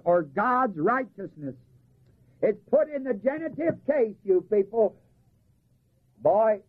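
A man preaches in a husky, fairly high voice that swings widely in pitch. He reads scripture aloud and pauses for the listeners to supply the missing word. The sound is thin and tinny, as if from an old lo-fi recording. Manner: asks the congregation to fill in words, slows to stress key phrases. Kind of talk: sermon.

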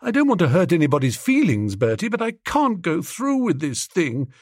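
A man voicing a lovesick young gentleman who talks earnestly and anxiously. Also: on the high side, huge pitch swings, moderate pace, dry recording, studio quality, voice pushed up. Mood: fretful. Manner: earnest, fretful, pleading.

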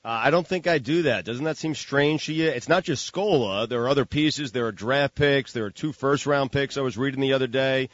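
A man's voice: medium pitch, brisk, few pauses, no room sound. A man co-hosting a sports radio show, hesitantly weighing things aloud. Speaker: radio co-host. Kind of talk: casual sports radio talk. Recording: dull dry studio radio sound.

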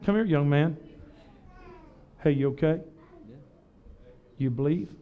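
A man, pastoring a revival service, preaching fervently and then dropping to soft personal asides during altar prayer. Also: on the high side, takes it slowly, phone-quality sound. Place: church sanctuary.

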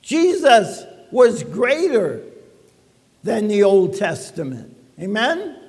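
A man with a high voice delivers a sermon at an unhurried pace, chatty and quick with wry asides. His words ring out with a long reverb, as in a church hall. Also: wildly swooping pitch, darkish tone, slightly rough. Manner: conversational preaching with quips and asides. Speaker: pastor.

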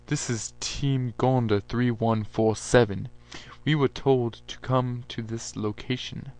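A man reading a story aloud, voicing a formal army captain who reports slowly and correctly. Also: medium pitch, steady tone, a little mellow, faint music behind. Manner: slow and formal.

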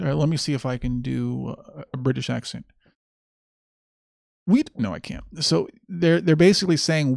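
Sardonic man with a gravelly voice. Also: a little high, normal speed, dry recording, clean studio sound. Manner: sardonic, mocking. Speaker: podcast host. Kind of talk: monologue commentary.

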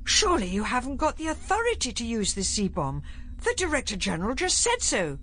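A woman's voice: fairly high pitch, wildly swooping pitch, brisk, a bit bright, slight background noise, pitched above the performer's own voice, exaggerated voice. A woman voicing a nervous male scientist who stammers in confusion. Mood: bewildered.

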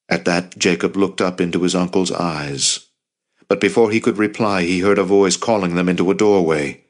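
A man narrating an audiobook in a steady, measured reading voice. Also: low voice. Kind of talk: scripted narration.

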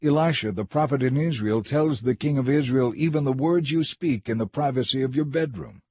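A man's voice: medium pitch, fairly quick, warm tone, husky, no echo, close to an everyday voice. A man reading the lines of an anxious army officer in a scripture story.

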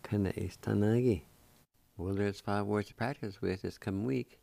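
A man's voice: lowish voice, fairly even intonation, normal speed, gravelly, warm tone, dry recording. A man hosting a radio language lesson, spelling out words letter by letter and sounding them out syllable by syllable. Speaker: Cherokee language teacher and radio host.

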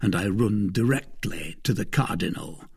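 A man's voice: fairly low pitch, expressive, moderate pace, gravelly, darkish tone, breathy edge, full character voice. A man reading aloud, voicing a foolish, self-satisfied middle-aged mercer who talks eagerly and boastfully.

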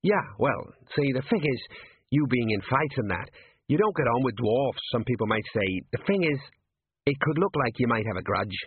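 A man's voice: medium pitch, animated, normal speed, background noise, lightly acted. A man voicing a nervous male watch sergeant who speaks in a placating, hesitant way in a storybook reading. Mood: uneasy. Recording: tinny lo-fi narrow-band audio.

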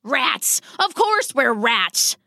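A woman's voice: high-pitched, sing-song, very slow, vocal fry, bright, forceful tone, no room sound, clean studio sound, voice pushed up, full character voice. A woman voicing an old, pompous, dramatic male rat father in a storybook tale, blustering and theatrical. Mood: grandiose.

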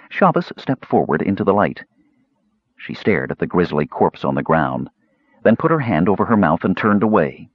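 A man reading a fantasy novel aloud as an expressive audiobook narrator. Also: low voice, normal speed, husky, dry recording. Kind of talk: scripted narration. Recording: slightly muffled dry recording.

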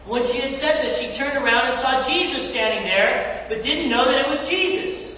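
A preacher giving a sermon in a church sanctuary, animated and casual, acting out scripture scenes in slangy everyday talk. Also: high-pitched, normal speed. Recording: echoey church hall, distant mic, faint noise.

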